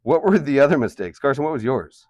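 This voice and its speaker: A man's voice: medium pitch, big pitch swings, fast talker, a little mellow, no echo. A man teaching a math class, chatty and full of questions to his students. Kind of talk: classroom lesson.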